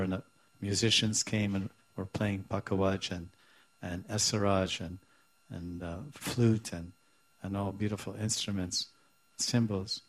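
Man giving a devotional lecture, lowish voice. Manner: explanatory, halting, with many Sanskrit terms and restarts. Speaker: spiritual teacher.

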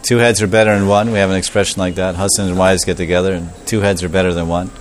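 A male preacher tells a story in a sermon, animated and repeating his points. He acts out the characters as he goes. His voice is fairly low, with faint noise behind it. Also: quick pace.

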